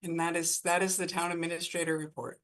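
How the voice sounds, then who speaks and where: A woman's voice: lowish voice, flat delivery, quick pace, a bit bright, rough recording. A woman, the town administrator, reading a formal prepared report at a board meeting.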